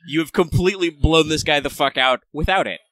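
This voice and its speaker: Young male game master, loose and joking, bright and dry on a close mic. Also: a little high, a little fast, dry recording. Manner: loose, joking, swears freely. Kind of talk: narrating a tabletop game.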